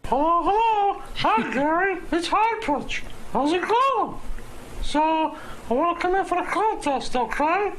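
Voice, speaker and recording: Very high squeaky voice, eager and halting, faint noise behind. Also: male voice, expressive, a bit bright, heavily acted, rough recording. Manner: strained falsetto, halting with many uhs. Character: squeaky-voiced grown man, eager and nervous.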